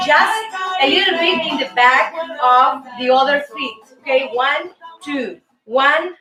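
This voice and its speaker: A woman's voice: high voice, measured pace, reverberant, recorded from a distance, over music. A woman hosting a casual dance lesson, counting steps aloud in a chatty, playful way. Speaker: host and dance teacher.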